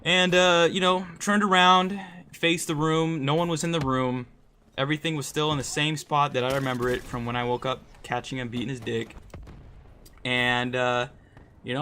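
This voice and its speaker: A man's voice: on the high side, steady tone, moderate pace, bright, forceful tone. A young man casually telling a personal story, rambling and swearing a lot, with frequent "like" and "right?". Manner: rambling, profane, lots of "like" and "right?".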